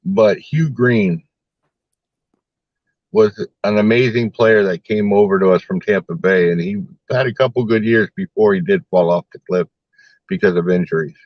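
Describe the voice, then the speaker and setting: A man appearing as a guest on a casual sports podcast, calmly running through his picks. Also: fairly low pitch, moderate pace, no room sound, lo-fi sound.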